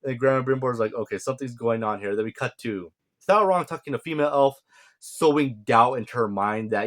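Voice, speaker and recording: A young man casually recapping and reviewing a fantasy series episode, rambling and sarcastic, tossing in quick paraphrased voices for the characters. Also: medium pitch, fairly bright tone. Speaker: video reviewer.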